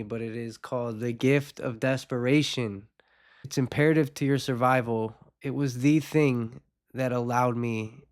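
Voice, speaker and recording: A man hosting his own show, talking candidly and unhurriedly about his recovery, his voice nasal from a recent cold, with soft rueful laughs between thoughts. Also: medium pitch, dry recording, clean studio sound. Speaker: podcast host. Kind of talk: reflective personal talk on addiction recovery.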